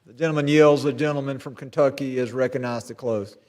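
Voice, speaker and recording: A man presiding over a legislative session, reading routine procedural calls briskly. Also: medium pitch, steady tone, darkish tone. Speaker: presiding officer. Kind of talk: formal parliamentary procedure. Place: large legislative chamber. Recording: long reverb of a large chamber.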